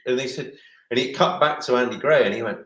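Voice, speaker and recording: A man's voice: mid-range voice, fast, a bit bright. A middle-aged man, a former footballer, rambling through anecdotes in an interview with many restarts. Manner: rambling storyteller, many restarts and acted quotes. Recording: roomy echo.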